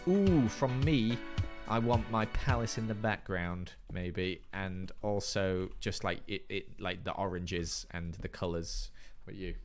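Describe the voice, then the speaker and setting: A man's voice: low-pitched, takes it slowly, faint music behind. A young man chatting casually on a game stream, teasing and reading chat messages aloud.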